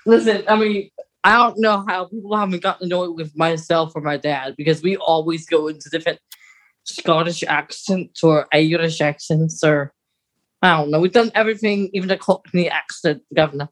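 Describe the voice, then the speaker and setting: A young man co-hosting a podcast, chatting casually in a rambling way with quick laughs. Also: fairly high pitch, steady tone, fairly bright tone. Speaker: podcast co-host. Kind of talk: casual chat.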